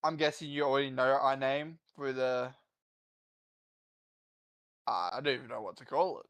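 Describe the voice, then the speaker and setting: Eager, stumbling tabletop player. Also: male voice, medium pitch, clear, resonant tone. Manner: eager, halting questions. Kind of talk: casual tabletop game chat.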